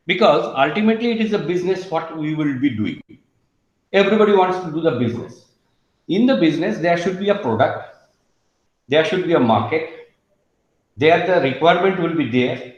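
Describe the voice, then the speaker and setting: Older male lecturer, Indian English accent, rambling and explanatory, echoey classroom recorded on a dull lo-fi mic. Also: on the high side. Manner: explanatory, rambling, addresses students directly. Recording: echoey room, dull lo-fi sound.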